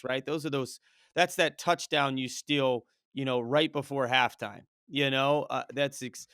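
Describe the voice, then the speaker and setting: A man who coaches wrestling, talking in an energetic, rambling way on a casual podcast and telling stories about coaching. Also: mid-range voice, no echo, studio quality. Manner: energetic, storytelling, rambling with restarts.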